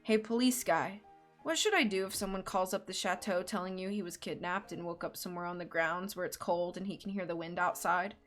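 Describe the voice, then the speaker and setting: A woman voicing a laid-back male hotel desk clerk in a low, muttered way. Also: a little fast, a bit bright, faint music behind. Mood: offhand.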